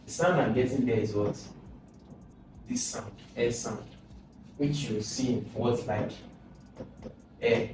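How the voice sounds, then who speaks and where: A man's voice: mid-range voice, slow, pauses often. A man, coaching students through exam questions and asking and answering his own questions. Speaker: exam prep tutor. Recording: echoey room, distant mic, noisy.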